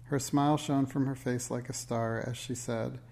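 A man reading a children's book aloud in a steady, measured storytelling way. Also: mid-range voice, creaky. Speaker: narrator.

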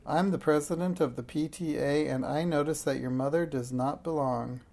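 A reader voicing a large, commanding lady who heads the parents' association, in a storybook read aloud, with a gravelly, mellow voice. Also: mid-range voice, normal speed. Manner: commanding, forceful, officious.

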